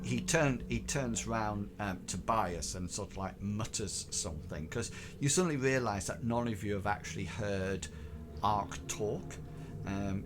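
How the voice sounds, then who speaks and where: Hesitant man running a tabletop game. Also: lowish voice. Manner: hesitant, full of fillers and restarts. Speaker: game master. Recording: noisy recording.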